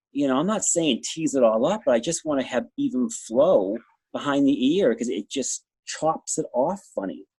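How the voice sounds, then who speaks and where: Middle-aged man, New England accent, blunt and rambling, husky. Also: on the high side, darkish tone, no room sound. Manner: blunt, talks fast in bursts, trails off. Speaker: dog show judge. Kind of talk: interview answer, candid anecdotes.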